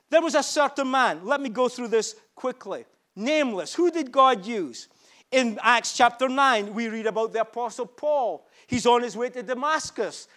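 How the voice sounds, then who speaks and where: A man with a strikingly high voice preaches to a congregation at a church service. He repeats his lines and drags out key phrases for emphasis, with a fervent, driving sermon cadence. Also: a bit bright. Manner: emphatic and repetitive, slowing down to stress key phrases.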